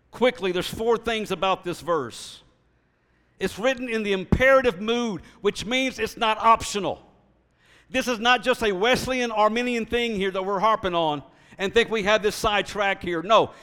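Guy preaching a sermon, pretty high voice, leans hard on key words, big echoey church hall. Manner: preaching with emphatic slow stresses, then dropping into quiet storytelling. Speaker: pastor.

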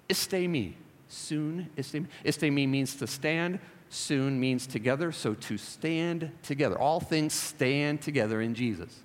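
A male pastor delivers an emphatic sermon, his fairly high voice swinging from urgent, loud appeals to hushed, reflective asides. The recording carries the long, lingering reverb of a large hall.

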